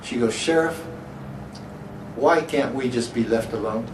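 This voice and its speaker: A man's voice: mid-range voice, unhurried. A middle-aged man, a sheriff, giving a public speech, telling a story and asking the crowd rhetorical questions. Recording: echoey hall from far off, faint hiss.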